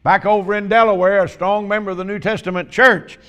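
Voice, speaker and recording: Folksy preacher, high voice. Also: male voice, fairly even intonation, pushed and bright, clear, resonant tone. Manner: folksy storytelling, drawn-out emphatic questions. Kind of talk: sermon with humorous stories.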